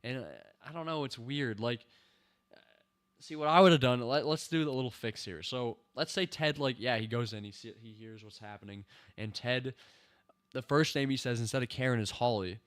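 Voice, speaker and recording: A man's voice: mid-range voice, moderate pace, smooth. Exasperated male reviewer, casual rant into his own mic, mid-range voice. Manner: exasperated, animated ranting with slang. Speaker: show reviewer. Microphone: personal microphone.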